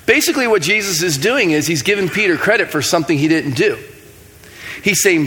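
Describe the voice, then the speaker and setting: A man's voice: high-pitched, expressive, a little fast, sharp tone. A man preaching a sermon in a casual, joking manner with playful asides. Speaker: pastor.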